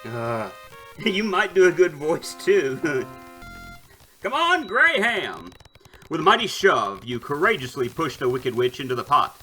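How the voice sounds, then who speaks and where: Playful, lively-voiced male streamer. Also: on the high side, moderate pace, soft background music. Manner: playful, joking asides, typing commands aloud. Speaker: game streamer. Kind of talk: casual gameplay commentary, reading game text aloud.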